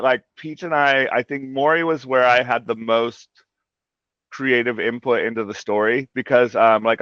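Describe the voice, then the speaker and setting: A man speaks as a guest in a casual interview, circling his points with a steady stream of "like" and "you know". His voice sits at an ordinary middle pitch. The audio is muffled and lo-fi, with a dry, dead sound. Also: dry recording. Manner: rambling, heavy on "like" and "you know". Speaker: comic translator guest.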